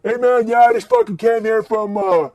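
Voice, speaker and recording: A man voicing a pushy, spaced-out young burnout punk drifter, pitched well above his own voice. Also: steady tone, normal speed, darkish tone, no room sound, close to an everyday voice.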